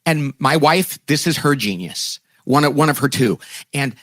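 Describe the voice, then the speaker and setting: A man, a guest author, telling a lively conversational story and acting out quoted voices in a self-deprecating way. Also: fairly high pitch, normal speed, no room sound.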